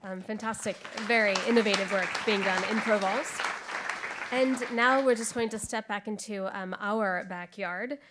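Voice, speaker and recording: A woman's voice: mid-range voice, normal speed, a loud crowd, heavy background noise. A woman moderating a panel, introducing speakers with fillers.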